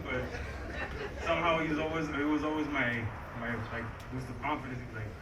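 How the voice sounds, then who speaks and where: A man's voice: on the high side, steady tone, quick pace. A man giving a casual, heartfelt tribute at a memorial, informal and full of fillers. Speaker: speaker at a memorial. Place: outdoor skatepark crowd gathering. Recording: distant echoey mic with crowd noise.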